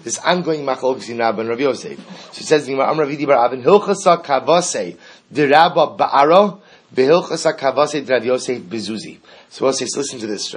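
A man's voice: mid-range voice, breathy edge, low-quality recording. A man teaching a Talmud class, explaining step by step and acting out the sages' exchanges.

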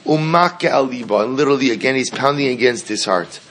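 Animated male storytelling teacher. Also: medium pitch, brisk. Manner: animated, repeats words as he translates. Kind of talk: storytelling lesson, reading and translating a text.

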